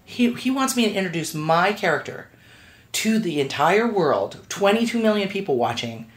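A middle-aged woman on a podcast, telling an anecdote with lively voiced-out quotes as the interview guest. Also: normal speed. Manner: acts out quoted voices, swings pitch widely.

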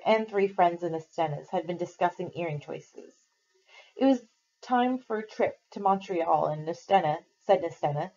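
A woman, a teacher, reading a novel aloud to her class in a steady, clear way. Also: lowish voice, lo-fi sound.

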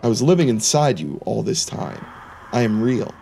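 A man voicing a sinister male demon in a horror game, with a flat read-aloud delivery. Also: mid-range voice, moderate pace, vocal fry, a little hiss or hum. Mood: calm. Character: sinister male demon who never left.

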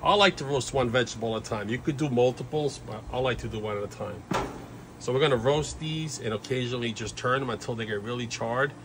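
A home cook shows a recipe in an easygoing, chatty video, talking fast at an ordinary middle pitch and walking viewers through the steps with frequent fillers and little asides. The scene moves from a kitchen to an outdoor backyard grill. His audio comes from the filming camera outdoors, with clear background noise behind him.

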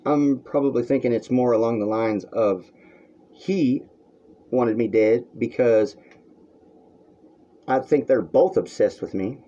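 A man films a crude, rambling, heated rant to the camera for his own vlog from a room at home, and the recording sounds dull and lo-fi. His mid-range voice is warm, and he speaks slowly with long pauses.

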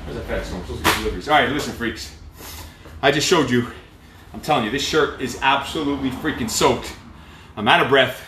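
A man working as a fitness coach, cueing a live workout and giving a loud, blunt, profane pep talk. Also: mid-range voice, fast, background noise. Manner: loud, pushy, profane motivator. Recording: echoey room, mic at a distance.

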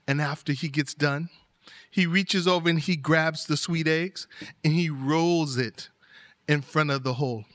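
A man telling a folktale aloud with animated, rhythmic repetition. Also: a little high, a little slow. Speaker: storyteller. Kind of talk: oral folktale storytelling.

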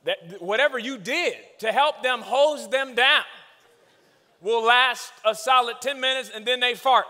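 A man preaching a comedic sermon in a large church hall, telling animated stories about his kids with shouted punchlines. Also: extremely high pitch, slow, long pauses. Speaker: guest preacher. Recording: long hall reverb.

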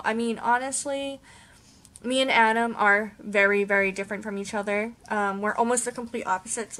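A young woman vlogging casually to camera at home, rambling with many pauses and ums. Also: mid-range voice, gravelly, fairly bright tone. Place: home, indoors.

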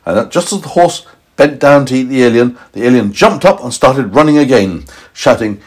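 A man's voice: normal speed, husky. A man improvising a playful bedtime story for a small child at home. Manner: animated, playful, pitch swooping for emphasis. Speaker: parent storyteller.

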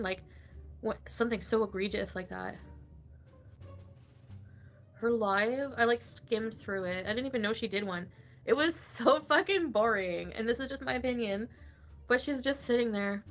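A woman's voice: medium pitch, brisk, fairly bright tone, soft background music. A woman livestreaming in casual, rambling chat, swearing freely and laughing often.

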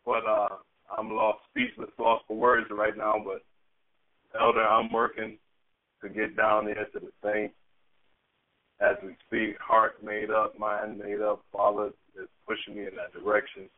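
Excited low-voiced caller on a phone line. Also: male voice, measured pace. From Michigan. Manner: emotional, excited, repeats praise.

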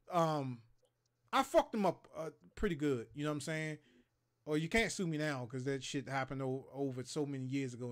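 A man in his thirties from Maryland telling profane stories on a casual gaming livestream, acting out the other people's lines as he goes. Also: on the high side. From Maryland, USA. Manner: profane, animated storyteller who acts out other people's lines. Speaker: co-host of a gaming talk show.

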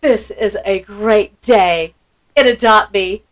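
A woman's voice: mid-range voice, takes it slowly, rough recording. A woman hosting a gameplay video, gushing with sweet enthusiasm and gasping often. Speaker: channel host. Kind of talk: excited gameplay commentary.

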